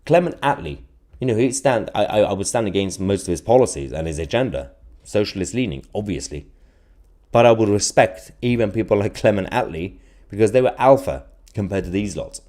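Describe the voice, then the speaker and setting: Low-voiced sarcastic man streaming. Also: a little fast. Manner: animated, sarcastic, laughs often, restarts. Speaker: host of a live political stream. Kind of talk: live stream commentary reading chat.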